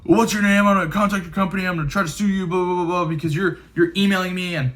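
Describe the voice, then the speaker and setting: A man's voice: high-pitched, steady tone, rapid-fire, fairly bright tone, voice pushed up. A man putting on the voice of an irate real estate agent who threatens to sue, ranting indignantly.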